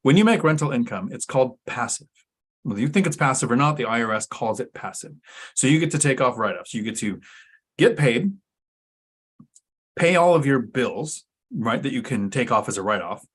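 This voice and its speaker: Male co-host, husky, casual explainer with emphatic, sarcastic asides. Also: mid-range voice, lively intonation, normal speed. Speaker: podcast co-host.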